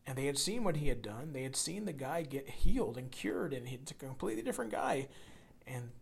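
A man preaching a sermon, swinging from loud emphasis to hushed near-whispers and repeating words as he builds a point. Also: mid-range voice, big pitch swings, fairly quick, creaky, breathy edge. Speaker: pastor.

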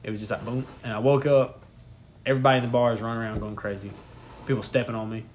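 A man's voice: mid-range voice, steady tone, fast talker, darkish tone, slight background noise. A young man co-hosting a podcast, telling a rambling, profane story in casual chat and laughing as he goes. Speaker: podcast co-host.

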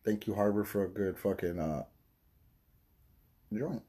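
A man with a husky, breathy voice talks in a loose, rambling podcast monologue. He swears freely, loses his train of thought, and coughs while high from smoking. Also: unhurried, warm tone. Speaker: podcast host. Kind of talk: casual stoned monologue.

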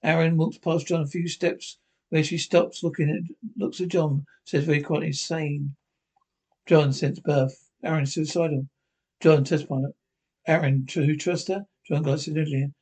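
A man with a somewhat high voice reads out a fan-made scene description of a TV episode. His delivery is halting, full of restarts and repeated words as he works through the text. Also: fairly even intonation, a little mellow, husky. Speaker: narrator.

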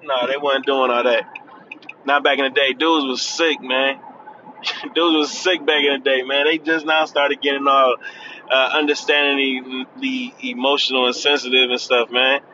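A man's voice: mid-range voice, level tone, normal speed, sharp tone, highs cut off, a little hiss or hum. A man of thirty talking in a casual, chatty vlog from his car, laughing and admitting he is nervous. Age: 30s. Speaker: vlogger. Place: in a car on the freeway.

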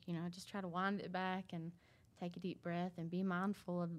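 A woman telling her story in a halting, casual way, full of fillers and restarts. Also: lowish voice, flat delivery. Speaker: interview guest sharing a recovery story.

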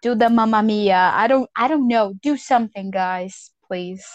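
A woman's voice: medium pitch, normal speed, dry recording, dull audio. A woman in casual conversation, rambling and frankly profane as she vents her frustration. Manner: rambling, frank and profane, self-styled hater. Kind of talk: casual chat about motor racing.

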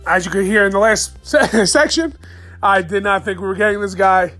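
A man hosting a solo sports fan podcast late at night, excited, profane and rambling as he rants. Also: sits high, normal speed, faint music behind. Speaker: podcast host.

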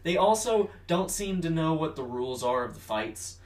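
Male co-host, mid-pitched, wry chatty talk, echoey room, mic at a distance. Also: very animated, normal speed, a little mellow. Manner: chatty, wry, knowledgeable about martial arts. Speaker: podcast co-host. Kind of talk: casual movie review chat.

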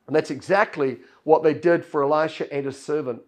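High-voiced pastor preaching. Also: male voice, steady tone, a little fast, a little mellow. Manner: storytelling, acts out Bible characters' lines. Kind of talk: sermon.

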